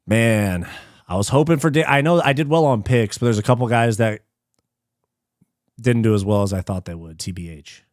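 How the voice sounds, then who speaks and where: Man, live stream host, mid-pitched voice, dry sound, relaxed slangy chat, swears freely. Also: moderate pace, pauses often, dry recording. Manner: reads viewer messages aloud and thanks them.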